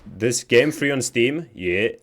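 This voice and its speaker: A male streamer talks in an unhurried, drawn-out way while he reacts to game updates and chat messages. He swears freely and gets loud when something surprises him, with a voice of ordinary pitch for a man. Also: lively intonation. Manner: profane, reacts loudly to chat. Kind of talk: casual gaming stream chat.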